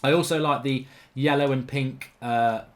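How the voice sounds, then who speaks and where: A man commentating on his own football video game in a chatty, rambling way, erupting into loud shouts when a goal goes in. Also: mid-range voice, a little slow. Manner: excitable, bursts into loud shouting over goals. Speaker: gaming commentator.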